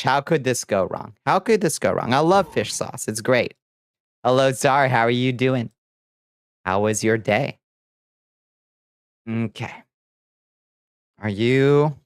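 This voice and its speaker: A man's voice: medium pitch, clean tone, no room sound, clean studio sound. A man streaming casually, playful and theatrical as he chats with viewers while mixing ingredients. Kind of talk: casual livestream chat.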